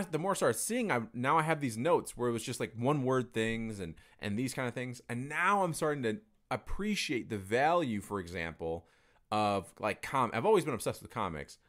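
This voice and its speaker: A young man talks in a loose, rambling way, dropping swear words without a second thought. His voice swings widely in pitch as he tells his stories. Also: fairly bright tone. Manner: candid, rambling, swears freely. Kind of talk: casual conversation.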